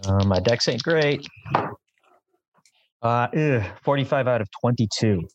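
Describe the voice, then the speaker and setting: A man's voice: medium pitch, a little slow, dull audio, slight background noise. A man playing a tabletop role-playing game, thinking aloud with frequent restarts. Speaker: player. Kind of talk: casual tabletop play.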